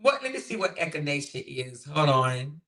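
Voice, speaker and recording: A woman's voice: deep voice, very animated, normal speed, fairly bright tone. A woman hosting a casual livestream, reading viewer comments aloud in a chatty way, repeating herself and laughing often. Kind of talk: casual live chat.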